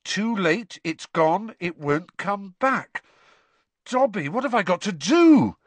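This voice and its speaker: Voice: medium pitch, takes it slowly, fairly bright tone, no echo, pitched above the performer's own voice. A reader voicing an anxious teenage boy wizard, pleading and panicky in a raised voice. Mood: panicked. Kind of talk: audiobook character voice.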